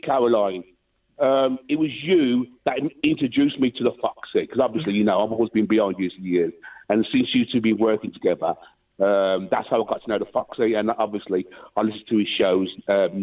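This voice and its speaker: Guy ringing in, rambling and cheeky, sounds far off and muffled on the line. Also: lowish voice. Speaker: caller. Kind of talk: casual phone-in chat. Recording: muffled distant phone line.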